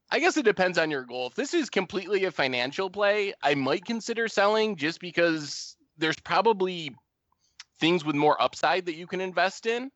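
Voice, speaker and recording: Bright-voiced man giving measured advice. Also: sits high, expressive, no room sound. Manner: measured, thinks aloud, dry wit. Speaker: podcast co-host giving advice. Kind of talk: casual podcast chat. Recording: dull, dry lo-fi podcast audio.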